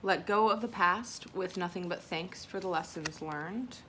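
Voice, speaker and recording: A woman with a lowish voice talks a little slowly as she vlogs an unboxing at home and reads affirmation cards. Emotional and self-conscious, she's a bit teary from crying and at times soft and tearful. Slight background noise is present.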